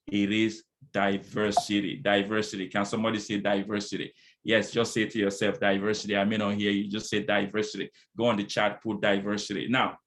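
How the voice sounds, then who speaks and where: A man's voice: medium pitch, fairly bright tone. A middle-aged man who speaks French as well, giving a motivational conference talk on diversity as a consultant, with call-and-response and repeated phrases, heard over a video call.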